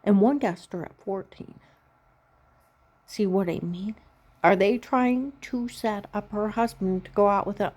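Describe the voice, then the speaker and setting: A woman vlogging in a rambling personal monologue, telling a long story plainly and slowly and often checking in with "Okay?". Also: mid-range voice, a little mellow.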